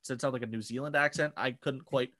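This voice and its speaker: A young man chats casually as a podcast co-host. His voice sits at a middle pitch, and the dry, close sound carries no room at all. He rambles and restarts his sentences, filling gaps with "like". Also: steady tone, fast talker, a bit bright, no room sound. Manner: rambling, lots of fillers and restarts. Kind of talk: casual chat.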